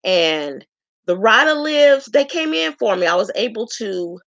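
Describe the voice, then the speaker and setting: A woman from Chicago giving a frank, chatty self-introduction to her viewers, pausing often with ums. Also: on the high side, big pitch swings, a bit bright, no room sound, lo-fi sound. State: tearful at times. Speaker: vlogger introducing herself. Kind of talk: casual self-introduction to camera.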